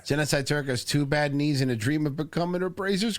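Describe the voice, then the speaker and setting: A man co-hosting a podcast, loud and swearing in crude casual banter. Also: fairly high pitch, fairly quick. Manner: loud, swearing, animated ribbing. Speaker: podcast co-host.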